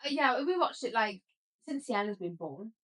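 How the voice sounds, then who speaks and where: A woman's voice: a little high, lively intonation, moderate pace, fairly bright tone, rough recording. A young woman co-hosting a casual podcast, rambling with lots of "like" and "um". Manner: rambling, filler-heavy chat. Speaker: podcast co-host. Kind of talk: casual chat.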